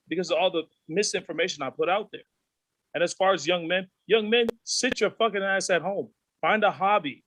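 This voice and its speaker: Profane, animated man telling stories. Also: sits high, a little fast, no room sound, rough recording. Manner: profane, animated, acts out voices of peers. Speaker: podcast guest. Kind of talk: candid storytelling.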